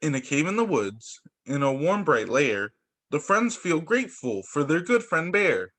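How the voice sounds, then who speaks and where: A male teacher reading picture books aloud to children over a video call, animated and expressive. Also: on the high side, a little slow.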